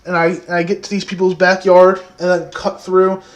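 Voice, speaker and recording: A man in his twenties telling a story casually to the camera, soft-spoken and rambling, with many fillers. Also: sits high, little pitch movement, moderate pace.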